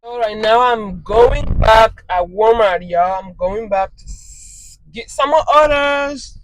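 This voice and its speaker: Slow-talking excitable delivery driver vlogger. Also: medium pitch. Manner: excitable, repeats phrases, keeps saying "you guys". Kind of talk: casual vlog talking to viewers.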